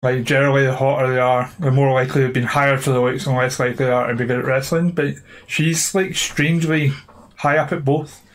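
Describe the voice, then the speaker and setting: A man's voice: medium pitch, flat delivery, fairly quick. A man co-hosting a podcast, chiming in with dry, wry remarks in casual chat. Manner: dry, wry remarks, laughs at his own jokes. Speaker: podcast co-host.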